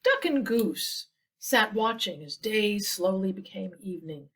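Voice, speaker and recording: A woman's voice: mid-range voice, husky, distant mic. A woman librarian reading a picture book aloud at storytime, with asides to the children. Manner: slow and expressive, asides to children.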